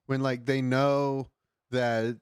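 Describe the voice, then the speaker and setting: A man guest on a comedy show, rambling and halting in casual banter, laughing at his own jokes. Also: medium pitch, flat delivery, clear, resonant tone, no room sound, studio quality.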